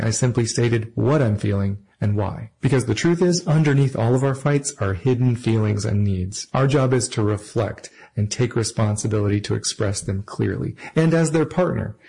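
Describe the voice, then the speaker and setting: Gravelly-voiced man teaching relationship skills. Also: mid-range voice, a little mellow, rough recording. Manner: earnest, measured, acts out example phrases. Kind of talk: instructional talk to camera.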